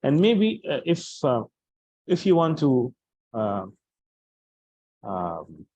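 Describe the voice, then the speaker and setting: A man's voice: medium pitch, huge pitch swings, very slow, a little mellow, no echo, dull audio. A man teaching Arabic grammar in a lecture, explaining patiently and restating each point with examples.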